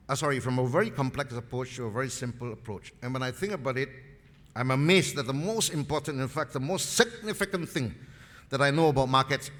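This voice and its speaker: The seminar speaker has a medium-pitched, fairly bright voice and leans on repeated key phrases to stress his points. His talk is a market presentation with anecdotes, captured in a seminar hall with a long reverb.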